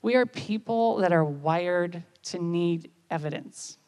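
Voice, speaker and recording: A woman, giving a conversational sermon and often checking in with listeners with quick questions. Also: on the low side, a little mellow. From United States. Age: 50s. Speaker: speaker at church.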